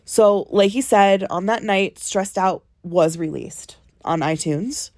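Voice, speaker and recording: A woman's voice: medium pitch, takes it slowly, a little mellow, no room sound, clean studio sound. A woman with a stuffy nose from a cold, co-hosting a casual podcast and walking through a timeline step by step, checking in often with "okay?" and "right?", recorded on a phone in a ship cabin. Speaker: podcast co-host.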